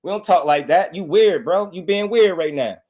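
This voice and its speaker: A man's voice: sits high, lively intonation, moderate pace, darkish tone. Blunt man in his thirties scolding chat. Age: 30s. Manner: blunt, scolding, repetitive, slangy. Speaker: boxing podcast host. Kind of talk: live-stream commentary, addressing chat.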